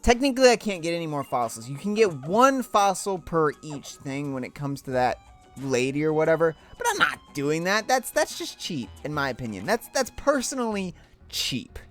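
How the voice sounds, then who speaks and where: A woman's voice: sits low, very animated, normal speed, soft background music. Chatty young woman, gameplay commentary. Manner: chatty and self-mocking. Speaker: gaming channel host. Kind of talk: casual let's play commentary.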